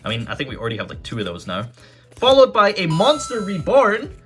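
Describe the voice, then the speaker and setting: A man chatting casually as he opens card packs, his voice bright and ringing and his pitch bouncing around a lot. He mutters low when disappointed and shouts and swears when excited. Faint music plays behind him. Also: a little fast. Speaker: YouTube card-opening host. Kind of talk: casual pack-opening commentary.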